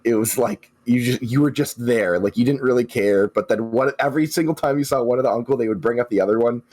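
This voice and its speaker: A man co-hosts a casual podcast, laid back and wry, with a husky voice. The sound is dry and close, with no room in it. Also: mid-range voice, fast, a little mellow, no room sound. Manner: laid-back, wry opinions, laughs along. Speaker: podcast co-host.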